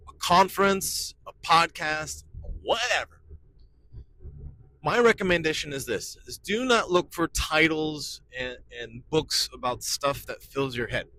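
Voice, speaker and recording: A man's voice: on the high side, a bit bright, rough recording. A man in his forties, a pastor, giving casual podcast talk in an enthusiastic, emphatic way and repeating key phrases. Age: 40s.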